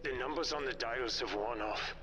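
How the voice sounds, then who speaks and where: A man's voice: mid-range voice, moderate pace, lightly acted. An actor playing an exhausted man fighting to stay awake, speaking in a faint whisper from a game. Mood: weary. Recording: distant game audio with hiss.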